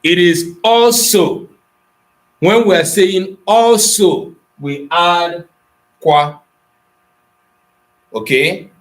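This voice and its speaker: A man's voice: high voice, extremely slow, pauses often, low-quality recording. A middle-aged Nigerian man with an Igbo accent, teaching an online Igbo language class, explaining patiently and calling on students by name. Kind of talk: online class lesson, mixing Igbo and English.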